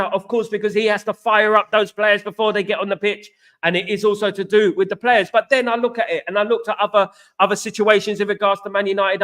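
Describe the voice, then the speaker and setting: A man with a fairly high voice hosts a football live stream. He rants with passion and repeats his points while he works through viewer comments. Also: a bit bright. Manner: passionate, repetitive ranting. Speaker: football channel host.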